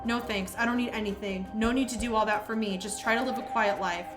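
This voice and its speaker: A blunt, curt male detective, a self-styled loner who swears back at threats, as a woman reads him. The voice sits fairly high, over a bed of music. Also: fairly even intonation, fast, lightly acted. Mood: defiant.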